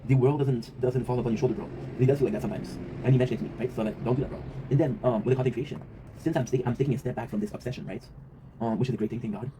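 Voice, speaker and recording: Rapid-talking man, rambling vlog monologue. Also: medium pitch, fairly even intonation. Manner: rambling, reflective, swears freely, often tags "right?". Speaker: vlog host. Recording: noisy ambient background.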